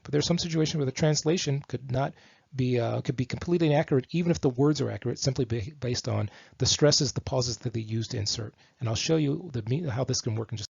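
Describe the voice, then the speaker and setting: A man's voice: medium pitch, fast, gravelly, darkish tone, breathy edge, no room sound, muffled recording. A man explaining Hebrew text and translation from slides, talking with frequent fillers and restarts. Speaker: teacher of Hebrew texts. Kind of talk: slide-based lecture. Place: lives in Israel.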